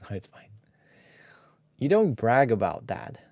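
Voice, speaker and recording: Slow, gravelly man chatting on stream. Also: medium pitch, sing-song, darkish tone, no echo, lo-fi sound. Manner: talks to viewers while working, muttering and sometimes whispering to himself; laid-back, swears casually. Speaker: streamer editing a video live. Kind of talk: casual live-stream chat.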